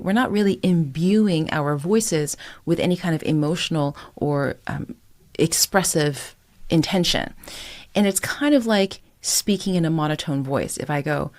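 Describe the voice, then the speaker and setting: Female vocal coach, middle-aged, lower-pitched, patient and encouraging. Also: a little mellow. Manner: encouraging, explains step by step, sings short phrases as demonstrations. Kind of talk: singing tutorial, talking to camera.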